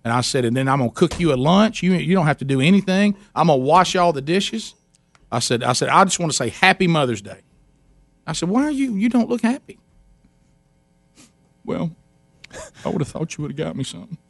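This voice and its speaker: This talk-show host's slightly high voice, edged with vocal fry, moves briskly but pauses often as he tells a long, funny family story. He restarts a lot and animatedly performs his wife's lines in a casual chat with clean, echo-free studio sound.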